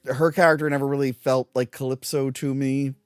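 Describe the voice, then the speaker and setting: A podcast co-host in a casual movie review chat who rants with animated energy and laughs often. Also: mid-range voice, smooth, no echo, clean studio sound, faint music behind. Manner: animated, ranting, quick to laugh.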